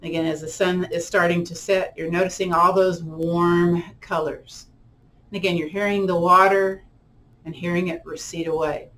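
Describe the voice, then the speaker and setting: A woman yoga instructor leading a guided relaxation and visualization, talking in a gentle, unhurried, casual way with friendly fillers. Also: fairly low pitch, level tone, slight background noise.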